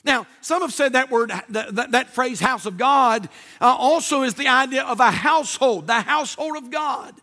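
High, bright-voiced preaching pastor. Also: male voice. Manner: emphatic preaching with rising shouts and slow drawn-out stresses. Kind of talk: sermon.

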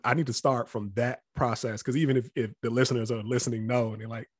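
Man, interview guest, from near D.C., reflective storyteller, candid, mid-pitched, dry close sound. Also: steady tone, fast talker, hardly any pauses, slightly rough, no room sound. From Capitol Heights area near Washington, D.C. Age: adult past college age. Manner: reflective and candid, often acts out other people's voices.

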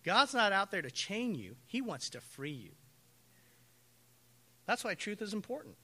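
A man preaching a sermon as pastor, telling stories with animated acted-out quotes. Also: high-pitched, a little slow, slightly rough. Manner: animated storytelling, acts out quoted voices.

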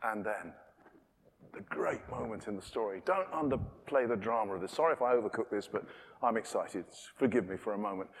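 British preacher with a hall echo. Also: male voice, on the low side, fairly quick, slight background noise. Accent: British English. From Britain. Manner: animated, acts out dialogue with changing voices. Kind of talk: sermon. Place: church. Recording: long reverb of a church hall.

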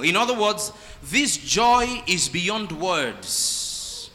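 Bright-voiced preacher in a hall. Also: male voice, high voice, big pitch swings. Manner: preaching with call-and-response, drawn-out emphasis. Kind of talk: sermon. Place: church hall. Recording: live sermon in a reverberant hall.

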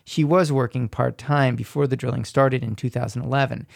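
A man reporting a radio news feature in a measured, scripted narration, recorded at a studio mic. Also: medium pitch, steady tone, gravelly, dry recording.

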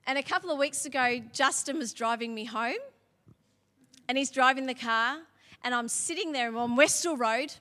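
A high, bright woman preaches in a church hall, and her voice carries a long reverb tail. She tells her story in a chatty way with little laughs, then pushes into emphatic, fervent preaching. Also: normal speed. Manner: conversational, laughing asides, building to emphatic preaching. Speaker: pastor. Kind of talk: sermon with personal story.

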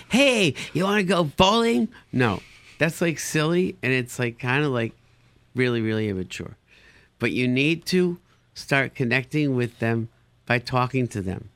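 Brief: male therapist hosting an advice talk, animated, mid-pitched, dry close sound. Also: unhurried, smooth, dry recording. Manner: animated, acts out incredulous reactions with sudden jumps in pitch; sprinkles Yiddish words into his talk. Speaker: therapist giving parenting advice. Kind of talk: advice talk answering listener questions.

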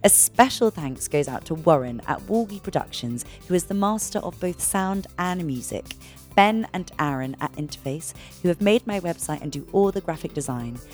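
A woman's voice: on the low side, moderate pace, soft background music. A woman hosting a podcast, asking questions and reading her outro with enthusiasm. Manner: lively and enthusiastic. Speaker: podcast host.

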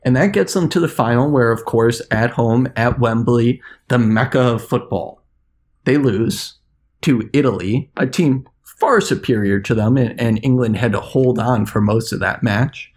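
A man on a podcast as its international correspondent, ranting in an animated, sarcastic way. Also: mid-range voice, a little slow. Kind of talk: podcast chat.

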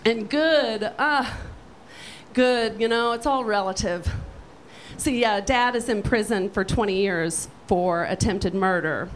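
A woman telling a profane, animated comic story on stage, brash and lively. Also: medium pitch, slow pace, slight background noise, poor audio. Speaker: storyteller guest.

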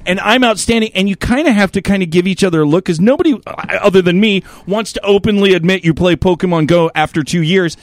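A man hosting a podcast, telling animated stories in casual chat and swearing a lot. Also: high-pitched, fast talker, hardly any pauses, dry recording. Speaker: podcast host.

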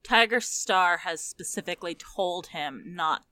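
A woman's voice: fairly low pitch, unhurried, bright, forceful tone, no room sound. A woman co-hosting a casual chat, adding dry, sarcastic quips to a book recap. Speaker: podcast co-host.

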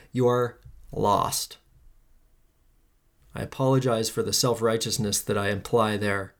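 A solo podcast host in full impassioned flow, preaching to listeners with emphatic repetition and casual swearing. The pitch leaps up and drops low from line to line, and the pace keeps changing. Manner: pitch and pace swing widely between lines.

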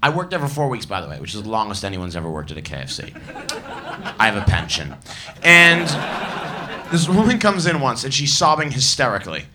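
A young man doing a stand-up set, telling stories with wry, deadpan asides. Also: mid-range voice, brisk, slight background noise. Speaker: stand-up comedian.

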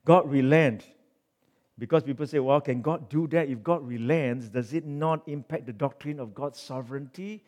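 Guy preaching a sermon, gets loud then drops quiet, asks the congregation questions. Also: medium pitch, moderate pace. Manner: reads scripture aloud, swings between loud emphatic passages and quiet asides. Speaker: pastor.

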